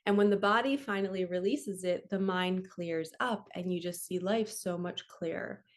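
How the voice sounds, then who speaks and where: A woman spiritual coach reads from a book to her camera and adds her own thoughts. Her voice is gentle and earnest, and she laughs easily. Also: on the low side, normal speed. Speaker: spiritual coach and card reader. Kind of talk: casual reading aloud from a book with commentary.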